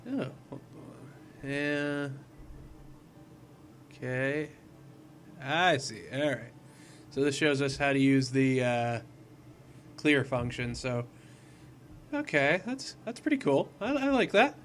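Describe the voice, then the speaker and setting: Speaking slowly with long pauses, a man with a medium-pitched, fairly bright voice hosts a casual let's-play, a little hiss or hum audible. Goofy and rambling, he mocks himself as he plays a puzzle platformer.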